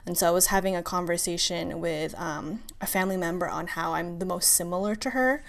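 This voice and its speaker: A woman's voice: fairly low pitch, a little fast, gravelly. A woman guest speaking earnestly and reflectively about her family and culture. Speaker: interview guest. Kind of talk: casual interview.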